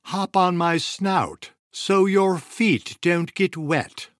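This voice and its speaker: A man's voice: high-pitched, extremely slow, no echo, studio quality, voice pushed up. A man doing a sly, coaxing fox. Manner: coaxing, sweet-talking. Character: sly, smooth-talking male fox.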